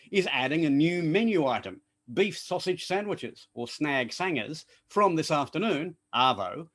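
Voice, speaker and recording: An Australian man delivers a prepared speech over an online call. His voice sits a little high. He explains in a playful way, with big swings in pitch. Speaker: club member giving a speech.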